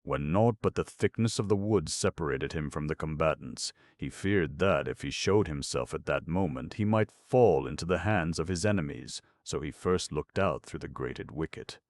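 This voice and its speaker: A male audiobook narrator with a strikingly deep, gravelly voice reads a classic novel in measured, formal narration. The recording is dry and close, with no room sound. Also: lively intonation, darkish tone, no echo. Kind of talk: scripted narration.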